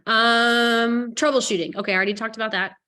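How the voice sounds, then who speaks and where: A woman real estate coach giving a casual training presentation, chatty and joking as she rushes through her points. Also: on the high side, steady tone, bright, forceful tone.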